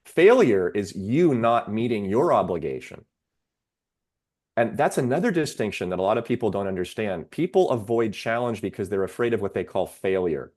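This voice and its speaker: A fairly low, darkish male voice with lively intonation belongs to a psychiatrist on a podcast as a guest. His delivery is measured as he steadily explains ideas, illustrating them with worked examples during explanatory interview talk.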